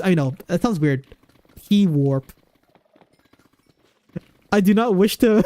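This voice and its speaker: Male streamer, pitched high with a warm tone, chatty and rambling as he answers his viewers. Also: lively intonation, slow, long pauses, no echo. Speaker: game streamer. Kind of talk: casual live-stream chat. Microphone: desk microphone.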